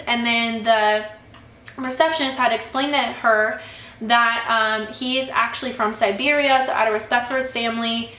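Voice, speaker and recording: Bright-voiced young woman vlogger, chatty. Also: a little high, fairly even intonation, normal speed. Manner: chatty storytelling, annoyed ranting. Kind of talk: casual chat vlog. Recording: echoey room.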